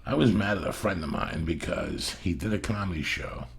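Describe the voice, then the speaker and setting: This middle-aged man has a low, creaky voice with a breathy edge and talks fairly quickly. As a podcast host chatting casually, he tells meandering stories, swears all the time and presses his points emphatically.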